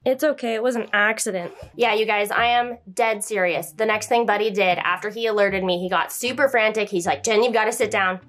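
A young woman vlogger telling a story in a chatty, animated way, now and then talking to her dog. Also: medium pitch, brisk, hardly any pauses. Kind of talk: casual storytelling vlog.

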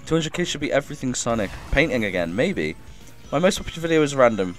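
A man streaming a game live, reading chat aloud and thanking viewers with excitable energy, coughing now and then as if ill. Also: medium pitch, quick pace, faint music behind.

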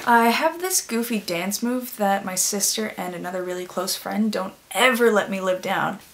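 Chatty young woman with a gravelly edge. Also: mid-range voice, normal speed, slight background noise. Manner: chatty and self-deprecating, drops into quiet whispered asides. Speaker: vlogger. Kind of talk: casual vlog confessions.

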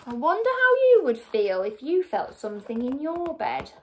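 A woman teacher reading a story aloud to children, expressive and pausing to ask them questions. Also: high voice. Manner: expressive, asks the listeners questions.

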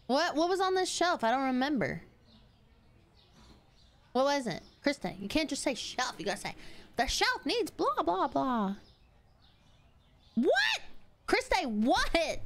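A woman streaming a game live, chatting excitably with her viewers, yelping and swearing at the game as she plays. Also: high voice, unhurried, long pauses, a little hiss or hum. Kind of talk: live gaming stream chat.

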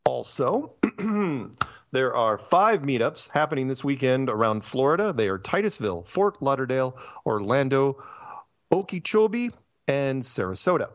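Male host with a lively, ranting delivery, dry and slightly muffled stream audio. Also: medium pitch, dry recording. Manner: animated, ranting, quick asides and restarts. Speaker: podcast host. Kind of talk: casual chat.

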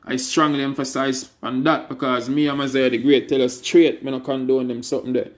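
A man's voice: medium pitch, level tone, fairly quick. A man, hosting a live stream and performing spoken word poetry with a rhythmic, emphatic delivery.

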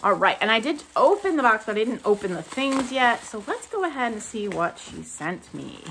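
A woman's voice: a little high, very animated, moderate pace, a bit bright, a little hiss or hum. A woman talking in a casual vlog, her voice jumping all over the place as she gushes and exclaims over little finds. It is an easy, chatty way of talking, full of delight at each new thing. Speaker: thrift vlogger.

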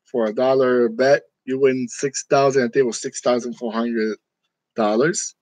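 A man's voice: medium pitch, fairly even intonation, moderate pace, a little mellow, no echo, rough recording. A man from New York chatting casually with his viewers, joking and laughing often in a room decorated for Halloween. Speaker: channel host. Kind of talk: casual live chat with viewers.

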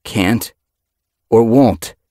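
A man voicing a hurt, angry young tom cat warrior with a sharp, accusing manner. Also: mid-range voice, sing-song, moderate pace, dry recording, studio quality, pitched above the performer's own voice. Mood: dangerous.

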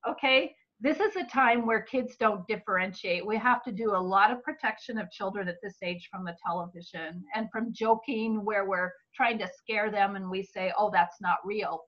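A woman giving a Bible-based teaching talk about children's minds, earnest and expressive. Her voice is slightly hoarse from talking a lot. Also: medium pitch. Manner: earnest and expressive, acting out what parents say to children. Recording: dull lo-fi recording.

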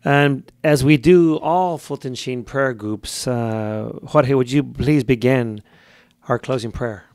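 A soft-spoken man hosting and leading a prayer group. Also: mid-range voice, slow pace, dry recording. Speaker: host.

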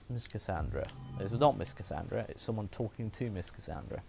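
A man's voice: fairly low pitch, lively intonation, fairly quick, creaky, hardly any pauses, a little mellow, breathy edge. A man streaming a game, chatting and joking and muttering asides to himself as he plays. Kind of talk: casual gaming commentary.

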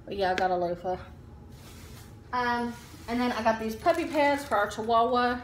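A woman shows off her shopping in a relaxed, chatty vlog, full of ums and likes. Her voice sits a little high, and it echoes off the walls of a room at home with a faint hum behind it. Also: normal speed. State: out of breath while standing. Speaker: vlogger. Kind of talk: casual haul chat.

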